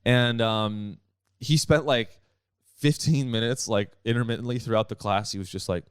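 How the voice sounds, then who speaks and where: A man's voice: mid-range voice, steady tone, normal speed, clear, resonant tone, dry recording, clean studio sound. A young man hosting a solo comedy podcast, ranting in a rambling, profane way with many restarts. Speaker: podcast host.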